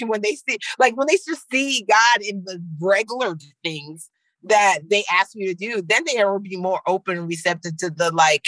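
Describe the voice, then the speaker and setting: A young woman from Nigeria, a comedian and actor, chatting casually as an interview guest, animated and slangy, often laughing and leaping up in pitch. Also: dry recording, low-quality recording.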